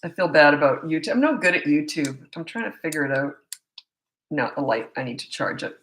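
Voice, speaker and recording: A middle-aged woman talks casually through a webcam, answering parents' questions with stories and easy laughs. Her voice is bright and sits a little low, with a loose, rambling rhythm. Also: animated, fairly quick, low-quality recording. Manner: chatty, storytelling, laughs often. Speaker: parenting coach. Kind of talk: live Q&A chat from home on webcam. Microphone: laptop webcam.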